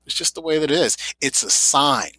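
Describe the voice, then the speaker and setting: A man with a bright, forward tone talks with eager conviction as a podcast guest, hammering his points home by repeating them. His voice is close and dry, with no room sound around it. He sounds like a motivational speaker in full flow. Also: fairly high pitch, expressive, a little fast, breathy edge, no room sound, low-quality recording. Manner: emphatic, repeats phrases for effect. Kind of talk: motivational interview talk.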